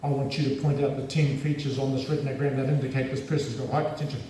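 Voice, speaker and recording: A man's voice: mid-range voice, fairly even intonation, dark tone, a little hiss or hum, natural voice. A man putting on a stern, imperious woman lecturer. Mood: stern, commanding. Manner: slow, clipped, commanding. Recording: echoey hall from far off.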